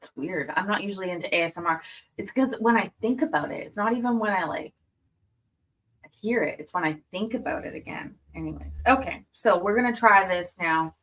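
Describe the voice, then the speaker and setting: A woman with a medium-pitched, fairly bright voice talks briskly while hosting a casual livestream where she reacts to court videos. She chats and giggles as she tastes candy, savoring it aloud, with slight background noise audible.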